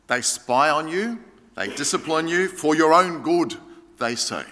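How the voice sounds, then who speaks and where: A man, a pastor preaching a sermon with animated emphasis that rises high and drops low. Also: unhurried. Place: church hall. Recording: long hall reverb.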